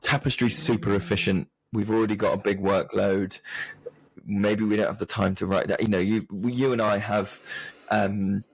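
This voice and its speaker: A man co-hosting a podcast, speaking in an energetic, friendly way with quick casual chat. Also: on the low side, breathy edge, no echo, rough recording. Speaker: podcast co-host.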